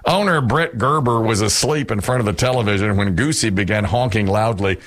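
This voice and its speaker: A man's voice: fairly low pitch, fairly quick. A man hosting a radio show, chatting casually and joking, often laughing. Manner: jokey, animated, laughs often. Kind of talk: casual chat.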